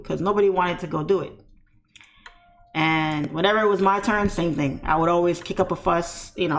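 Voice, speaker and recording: A woman's voice: lowish voice, fairly even intonation, brisk, vocal fry. A woman streamer in casual, heartfelt chat, talking candidly and rambling with lots of "you know" fillers. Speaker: trading streamer.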